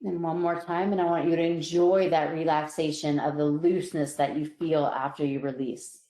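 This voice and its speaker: A woman psychologist guiding listeners through a relaxation exercise, calm and slow, her voice softening on each release. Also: deep voice. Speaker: psychologist presenter. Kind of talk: guided relaxation instruction. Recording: roomy echo.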